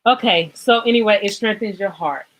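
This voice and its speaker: A woman's voice: mid-range voice, moderate pace, rough recording. A woman hosting a casual fitness livestream, talking in a rambling, emotional way, choked up and apologizing as she goes. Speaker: livestream host.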